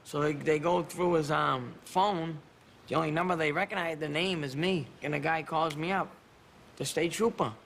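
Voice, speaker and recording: A man's voice: on the high side, steady tone, moderate pace, creaky, fairly bright tone, slight background noise. A man casually recounting a story in an interview, rambling and laughing between restarts. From Massachusetts. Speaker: retired boxer interviewed. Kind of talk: casual recollection. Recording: interview with music behind.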